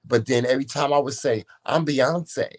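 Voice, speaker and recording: Homme expressif, conteur théâtral. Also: male voice, mid-range voice, moderate pace. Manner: expressive, theatrical storytelling. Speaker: co-host. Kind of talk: casual couple chat.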